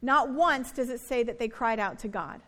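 A middle-aged woman pastor preaching a sermon, earnest, slowing down for emphasis and dropping soft and low on key words.

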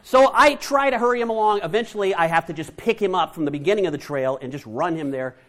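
Animated male storyteller with a lively voice. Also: sits high, fast. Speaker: speaker. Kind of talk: storytelling talk to an audience.

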